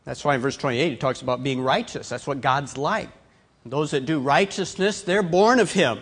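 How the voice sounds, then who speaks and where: Preaching man, hushed to loud and emphatic. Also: a little high, normal speed. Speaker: pastor. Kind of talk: sermon.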